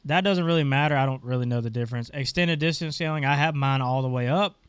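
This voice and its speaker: A man's voice: mid-range voice, fast talker, smooth, no echo. A man hosting a casual gaming tutorial, talking offhandedly while clicking through settings, his voice stuffy and congested. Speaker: gaming channel host. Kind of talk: casual screen-recorded tutorial.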